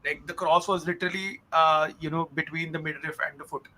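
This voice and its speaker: A man's voice: fairly high pitch, level tone, brisk, pushed and bright, slight background noise, rough recording. A man from India giving a football match preview, mixing English and Hindi with frequent fillers. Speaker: football pundit. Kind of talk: casual football chat.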